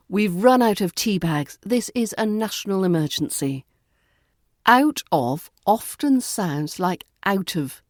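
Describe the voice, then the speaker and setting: A woman with a British RP accent teaching pronunciation on a podcast, deliberately stretching out example words. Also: lowish voice, darkish tone, no echo, studio quality. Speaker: accent coach.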